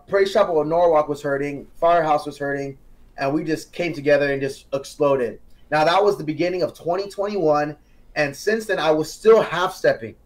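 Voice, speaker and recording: A young man on a podcast giving an earnest personal testimony, telling it as a story with quoted dialogue and growing animated at the high points. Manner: earnest, grows animated and excited when telling the climax. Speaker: podcast guest. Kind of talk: casual testimony.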